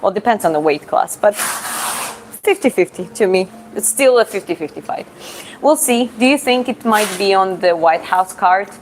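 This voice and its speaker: A woman from Georgia with a Georgian accent, a livestream host and fitness coach answering chat questions in a relaxed, chatty way, often searching for words. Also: mid-range voice, moderate pace, background noise.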